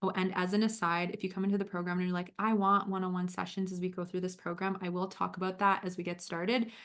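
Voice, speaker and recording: A woman health coach talking warmly to her viewers on a livestream, moving from a program pitch into a guided visualization. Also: flat delivery, quick pace. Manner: upbeat and encouraging.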